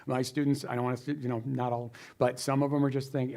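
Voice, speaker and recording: In a lecture Q&A, a philosophy teacher answers the audience quickly with hardly any pauses, his mellow, medium-pitched voice moving little in pitch. He stays casual and self-mocking, animating quoted voices as he goes.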